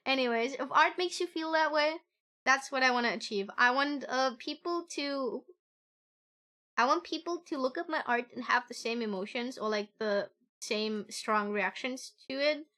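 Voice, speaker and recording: A woman streamer chats casually from her home setup into a desk mic. Her voice sits high and sharp, bright and forward. She gushes with excitement, giggles often and swears without a second thought. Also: measured pace, long pauses. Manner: gushing and excitable, squealing with delight. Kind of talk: casual live-stream chat.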